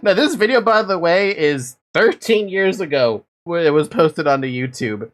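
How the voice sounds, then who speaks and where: A woman streamer giving casual reaction commentary, animated and laughing, with plenty of swearing. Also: on the low side, moderate pace, hardly any pauses.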